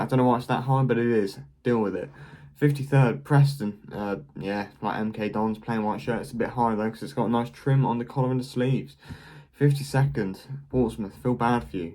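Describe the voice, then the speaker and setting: A young man hosting a casual vlog, tossing out quick, blunt verdicts with a dry, jokey edge. His voice sits a little low for a man. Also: darkish tone. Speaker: football kit reviewer, channel host. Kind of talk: casual vlog ranking commentary.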